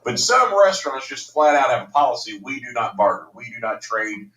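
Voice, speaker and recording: Brash storyteller, profane and ranting, lively pitch, recorded from across a room. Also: male voice, a little fast, distant mic. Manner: loud, ranting, profane, laughs often. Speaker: storyteller guest. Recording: roomy, from off mic.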